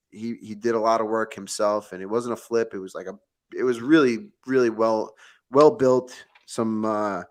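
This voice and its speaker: A man, hosting a show and telling a story in lively, casual chat with many restarts. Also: mid-range voice. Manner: animated storyteller, mimics a friend with frequent restarts. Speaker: host, real estate agent.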